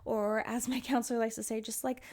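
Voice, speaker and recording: A woman's voice: fairly high pitch, little pitch movement, fairly quick, darkish tone. A young woman hosting her own podcast, giving advice in a chatty, earnest way and repeating her points for emphasis. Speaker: podcast host. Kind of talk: casual solo podcast advice.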